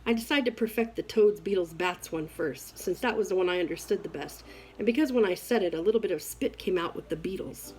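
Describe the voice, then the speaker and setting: A woman reading a novel aloud in an expressive first-person storytelling voice. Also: on the low side, a little fast, slight background noise, poor audio. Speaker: reader.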